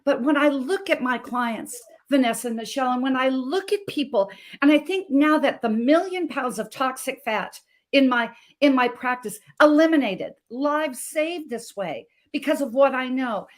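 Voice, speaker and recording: Passionate high-voiced woman health coach. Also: expressive, normal speed. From Montana. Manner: passionate, emphatic, repeats phrases. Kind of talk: emotional personal story on a talk show.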